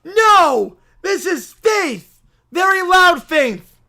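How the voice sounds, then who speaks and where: A man puts on a shrieking, self-righteous preacher of a pizza cult, whose high, bright voice leaps wildly up and down as he rants. He yells and wails with outrage in every breath, the voice of a comic improvised sketch. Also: very animated, very slow, exaggerated voice. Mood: ranting outrage. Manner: shrieking, indignant, ranting.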